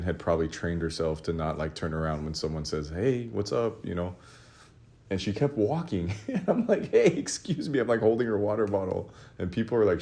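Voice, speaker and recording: A man casually telling a rambling, self-mocking story, with laughs and shouted re-enactments. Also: sits low. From Los Angeles area. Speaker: artist telling a story to his audience.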